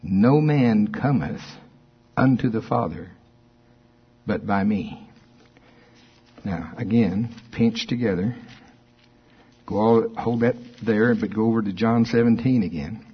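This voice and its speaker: Husky-voiced preacher man, lo-fi recording. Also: on the low side. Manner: excitable, laughs often, reads scripture slowly. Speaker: pastor. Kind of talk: sermon. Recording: dull lo-fi recording.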